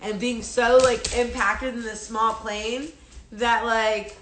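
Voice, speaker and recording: A woman's voice: on the high side, level tone, takes it slowly, fairly bright tone, echoey room, slight background noise. A young woman telling a personal story on a phone live stream, rambling with many fillers and restarts, casually swearing. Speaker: livestreamer.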